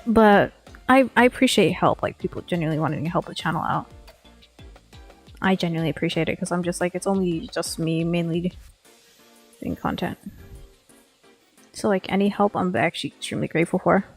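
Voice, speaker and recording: A woman's voice: on the low side, a little fast, long pauses, husky, faint music behind. A woman VTuber streamer talking casually while she works, rambling, swearing freely and filling her speech with "like". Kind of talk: casual live-stream chat. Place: home streaming setup.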